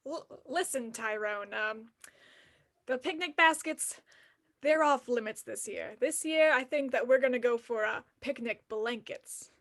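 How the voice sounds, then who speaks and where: A woman's voice: on the high side, a little slow, fairly bright tone. A woman improvising a hesitant boss figure who stalls with fillers. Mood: evasive. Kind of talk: improv scene over video call.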